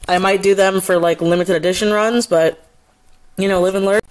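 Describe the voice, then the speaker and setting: A woman's voice: mid-range voice, fairly even intonation, normal speed, poor audio. A woman artist vlogging casually, swearing a lot as she vents, then chatting while she shows her prints. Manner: profane, ranting, then chatty showing prints. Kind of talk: casual vlog.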